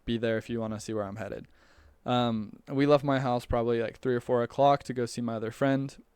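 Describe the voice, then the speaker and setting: A man's voice: medium pitch, steady tone, fairly quick, darkish tone, smooth, no echo. A young man casually telling a personal story, chatty and rambling with lots of fillers and restarts. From United States. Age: young adult. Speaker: returned missionary telling his story.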